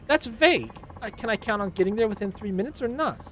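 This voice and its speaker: A man's voice: lively intonation, fast talker, a little hiss or hum. A man reading game lines aloud, voicing a rude, impatient woman passenger who nags and complains. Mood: irritated. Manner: shrill, nagging, huffy.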